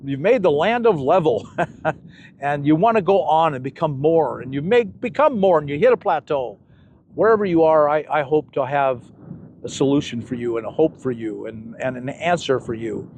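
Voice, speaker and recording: Older man, folksy storyteller, slightly high voice; casual interview guest who acts out his anecdotes. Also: expressive, moderate pace, a little mellow, slight background noise. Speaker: channel host being interviewed.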